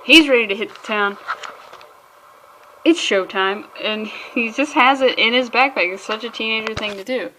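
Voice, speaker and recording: A woman's voice: on the high side, moderate pace, sharp tone, a little hiss or hum. A young adult woman reviewing a comic in a casual vlog, chatty and jokey, often restarting mid-sentence.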